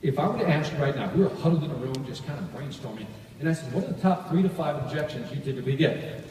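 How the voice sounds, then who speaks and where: Man, sales trainer, energetic, quizzes the crowd, animated voice, long hall reverb. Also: a little high, fast, a little hiss or hum. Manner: energetic, asks audience questions. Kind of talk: live seminar talk. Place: large hall. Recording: echoey hall recording from far off.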